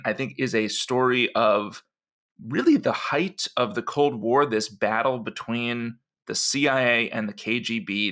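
Man, podcast co-host, bright tone, enthusiastic storytelling. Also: medium pitch.

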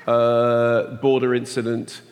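A man in his sixties co-hosting a podcast, quick, playful and self-mocking in casual chat. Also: medium pitch, completely flat delivery, big-room sound, slight background noise. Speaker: podcast co-host.

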